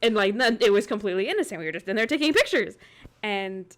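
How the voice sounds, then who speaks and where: A woman's voice: mid-range voice, lively intonation, quick pace. A woman hosting a casual chat, telling rambling anecdotes and laughing easily. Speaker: host.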